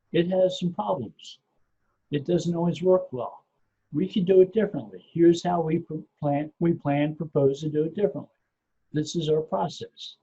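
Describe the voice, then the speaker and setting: A middle-aged man, a podcast guest, explaining things step by step in a measured way and often repeating his first word. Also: on the high side, warm tone, slightly rough. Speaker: podcast guest, SEO researcher. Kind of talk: casual explanatory interview talk. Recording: muffled lo-fi podcast audio.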